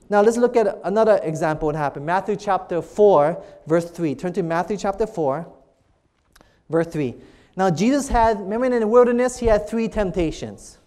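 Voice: medium pitch, darkish tone. Preacher quizzing the congregation mid-sermon. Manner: quizzes the congregation with repeated rhetorical questions; reads scripture quotes aloud slowly between comments. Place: church service.

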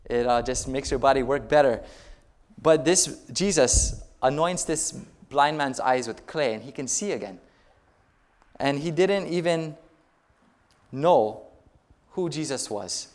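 A man's voice: mid-range voice, lively intonation, unhurried. A male pastor preaching a sermon, retelling stories in a conversational way and putting rhetorical questions to the congregation.

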